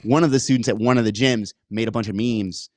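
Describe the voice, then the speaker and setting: A man's voice: mid-range voice, steady tone, fast talker, a little mellow, no echo. A man co-hosting a casual podcast who talks bluntly, swears casually, and keeps things laid-back. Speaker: podcast co-host and coach.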